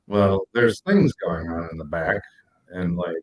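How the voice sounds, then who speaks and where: A man with a low, husky voice tells stories on a podcast. He is animated and acts out what people said, his voice leaping high for the quoted bits. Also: a little slow, poor audio. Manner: animated storyteller, acts out quotes with big pitch jumps. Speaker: podcast co-host. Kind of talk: casual storytelling chat.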